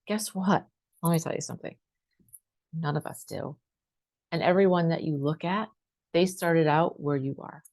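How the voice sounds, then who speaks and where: A woman's voice: low-pitched, moderate pace, pauses often, darkish tone. A woman speaking as a life coach, talking straight to her viewers in a conversational way, often asking "right?" and acting out her clients' complaints. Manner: conversational, asks questions, repeats "right?". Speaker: life coach and spiritual teacher. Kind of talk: direct-to-camera motivational talk.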